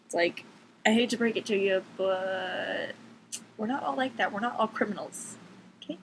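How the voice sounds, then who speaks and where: A teenage girl vlogger rants casually to camera from her bedroom in a medium-pitched, creaky voice at a moderate pace, with poor audio. She's sarcastic, swears freely and fills her talk with "like," while cats make noise in the background.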